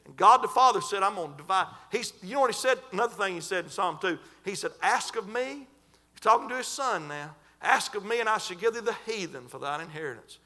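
Preacher man, high lively voice, fervent, folksy, shouts scripture. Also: brisk. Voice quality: folksy, colloquial. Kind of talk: sermon.

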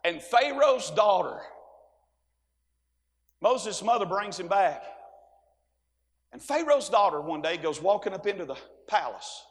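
A man preaching a sermon in a church, folksy, swinging between soft asides and shouting. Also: high-pitched, big pitch swings, unhurried, long pauses, in a large hall. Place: church sanctuary.

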